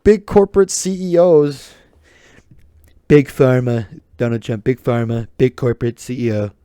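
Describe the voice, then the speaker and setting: A blustering older male politician, as a podcaster puts him on, pitched a little low and hammering the same slogans over and over. The voice sits dry and close with no room around it, delivered in a repetitive campaign-rally cadence. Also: unhurried, mellow, clear, resonant tone, dry recording, lightly acted. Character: brash older male politician boasting about power.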